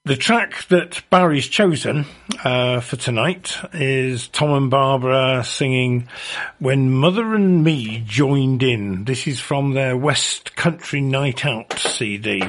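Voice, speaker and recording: Guy hosting a folk radio show, slow and rambly, lots of ums, middle pitch. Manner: unhurried, hesitant with many ums and uhs. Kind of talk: casual radio presenting.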